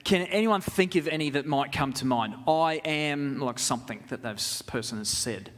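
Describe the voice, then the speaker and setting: A man's voice: fairly high pitch, normal speed, a bit bright, long reverb tail. A man leading an interactive Bible lesson in church, talking conversationally and putting questions to the congregation. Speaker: preacher.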